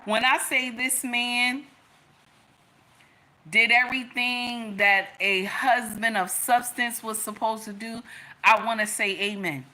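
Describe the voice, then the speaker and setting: A woman's voice: on the high side, fairly even intonation, slow pace, sharp tone. A woman giving relationship advice through a personal story, emphatic, repeating lines and calling her listeners y'all and baby.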